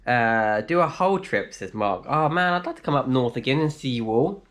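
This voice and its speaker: A man chatting casually on a live stream from his flat, reading out viewers' comments and answering them. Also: mid-range voice, normal speed. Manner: chatty, reads out comments and replies, laughs easily. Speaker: vlogger answering live chat. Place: indoors in a flat.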